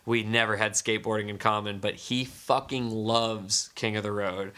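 A man's voice: fairly low pitch, little pitch movement, moderate pace, pushed and bright. A man in his thirties co-hosting a casual podcast chat, telling stories with plenty of profanity. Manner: profane, storytelling. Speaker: podcast co-host.

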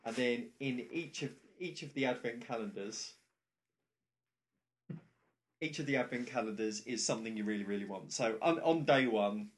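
A man trading jokes on a relaxed podcast. His voice sits in an ordinary middle pitch, and his delivery is playful and loose, often breaking into laughter at his own lines. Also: moderate pace. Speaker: podcast co-host. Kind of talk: casual comedic chat.

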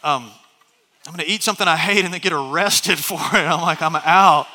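A man's voice: on the high side, fairly quick, pushed and bright, in a large hall. A middle-aged man preaching a sermon as pastor, telling stories with many restarts and asides. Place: large church hall.

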